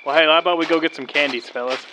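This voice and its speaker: A man putting on an upbeat, chummy adult male buddy who talks briskly. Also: on the high side, steady tone, sharp tone, a little hiss or hum, voice pushed down, low-quality recording.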